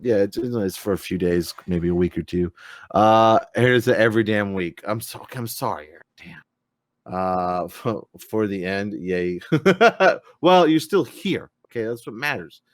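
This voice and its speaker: A man hosts a live gaming stream in casual chat. His voice sits fairly low, and the sound is close and dry with no room behind it. He rambles freely, full of fillers and the occasional swear. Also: lively intonation, a little slow, no echo. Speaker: podcast host.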